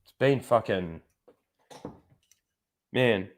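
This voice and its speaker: A man's voice: lowish voice, lively intonation, very slow. Swearing man streaming casually. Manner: swears freely, chuckles often. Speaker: livestream host. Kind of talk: casual livestream chat.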